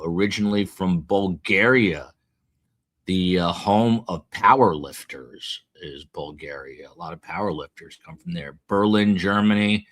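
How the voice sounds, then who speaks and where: A man with a low, deep voice hosts a live-stream show in a relaxed, conversational way. He reads viewer comments aloud with animated energy. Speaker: livestream show host.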